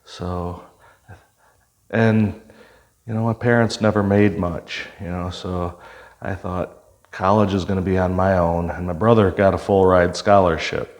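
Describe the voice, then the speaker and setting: An older man with a very low voice, a retired police officer, tells his story in a casual podcast interview. He speaks unhurriedly and reflectively, with frequent pauses and "uh"s. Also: steady tone, darkish tone. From Michigan, US.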